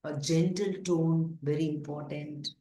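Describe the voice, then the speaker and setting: A woman's voice: low-pitched, fairly even intonation, unhurried, mellow. A woman leads a parenting workshop, speaking in an earnest, instructive way. She restarts sentences and leans on fillers. She keeps checking in with her audience. Her voice bounces around a reverberant room. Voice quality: frequent fillers and self-corrections, rhetorical check-ins. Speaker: parenting coach. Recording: echoey room.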